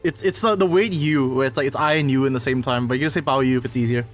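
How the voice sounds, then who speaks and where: A man's voice: mid-range voice, fast talker, faint music behind. A man reading game narration aloud and chatting playfully with friends. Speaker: reader and voice actor.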